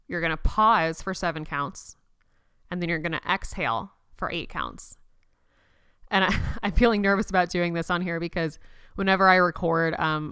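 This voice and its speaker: A young woman hosting a personal podcast, speaking gently and reassuringly as she leads listeners through a slow counted breathing exercise. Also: sits low, clear, resonant tone, no room sound, clean studio sound. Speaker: podcast host.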